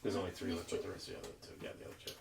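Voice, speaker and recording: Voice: sits low, flat delivery, racing, vocal fry. A player speaking casually and hesitantly at a tabletop game. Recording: echoey room from far off, noisy.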